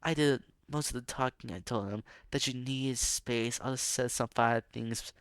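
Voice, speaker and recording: A fretful, fiercely protective middle-aged mother, voiced by a man reading her lines aloud. The delivery is halting and stumbles now and then over the words. The sound is dry, with no room echo. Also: mid-range voice, a bit bright, clean tone, close to an everyday voice.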